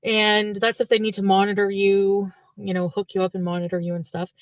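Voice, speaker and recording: A woman's voice: medium pitch, little pitch movement, brisk, no room sound. A woman from French Canada telling a long, rambling personal story in a chatty vlog style.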